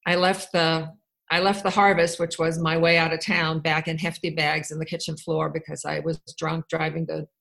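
A woman's voice: lowish voice, creaky, sharp tone, rough recording. A woman from Wisconsin telling her own life story to a group, candid and rambling, with wry asides and frequent restarts. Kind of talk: personal storytelling talk.

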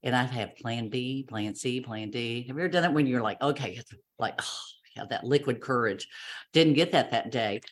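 A woman's voice: extremely low pitch, moderate pace. A woman tells her own story to a group. She speaks candidly and pokes fun at herself, slipping into the voices of the people she talks about. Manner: candid, self-mocking, acts out voices of others. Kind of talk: personal testimony talk.

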